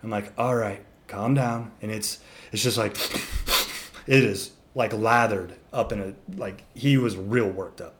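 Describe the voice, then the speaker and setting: A man telling a long story in casual chat, animated and swearing freely as he acts out the animals. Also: fairly low pitch, unhurried, slight background noise.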